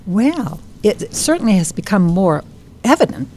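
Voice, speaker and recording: A woman's voice: mid-range voice, normal speed, a little hiss or hum. An older woman, an author, reading expressively from her book and then chatting in an interview, recorded live in a bookstore. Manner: expressive reading with lively quoted voices.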